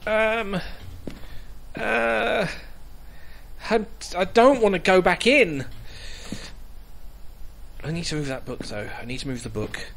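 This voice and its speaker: A man's voice: high-pitched, takes it slowly, vocal fry, long pauses, a bit bright, a little hiss or hum. A young man streaming a horror game, muttering to himself, jumpy and swearing often. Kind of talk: casual gaming commentary.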